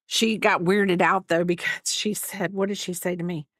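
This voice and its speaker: This chatty crafter, a middle-aged woman from the United States, crochets on a livestream and rambles casually, replying to her chat between stitches. She speaks at normal speed in a slightly bright voice on the low side, with fairly even intonation. There's no echo, and the audio is studio quality.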